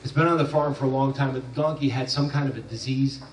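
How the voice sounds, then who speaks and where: A man voicing his gruff farmer friend, speaking low and hesitantly as he tells his story. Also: steady tone, fast talker, slight background noise, natural voice. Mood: glum. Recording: echoey hall from far off.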